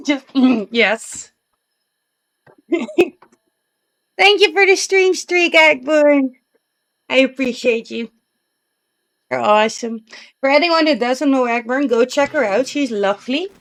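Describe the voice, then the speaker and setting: A woman's voice: sits high, slow, pauses often. A sleepy woman streamer chatting casually with her live chat, giggling often and cooing to her pet. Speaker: Twitch streamer.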